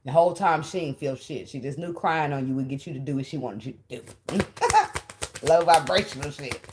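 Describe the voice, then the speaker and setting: A woman's voice: low-pitched, a little fast, a little mellow. A woman giving a casual tarot reading, blunt and profane, laughing often as she talks. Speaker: tarot reader.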